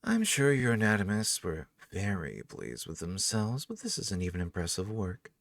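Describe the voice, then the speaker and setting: A haughty rival sorceress with a cool, superior drawl, as a male narrator does her voice. She sounds low and gravelly, delivered close and dry with no room sound. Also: big pitch swings, normal speed, dry recording, recorded from a distance. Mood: mocking. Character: haughty red-haired woman court wizard, rival.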